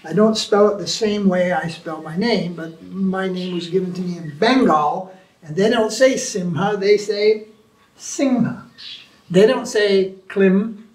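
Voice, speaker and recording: Male spiritual teacher, high-pitched, lively and storytelling, recorded from afar in a reverberant room. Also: normal speed. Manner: animated storytelling, mimics chanting. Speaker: spiritual teacher answering questions. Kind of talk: informal Q&A talk. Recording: echoey room from far off.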